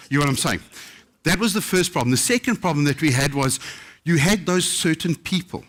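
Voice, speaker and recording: A middle-aged man, a chef, telling anecdotes in a casual, lively storytelling way at a book festival and acting out the quotes. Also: fairly high pitch, a little fast.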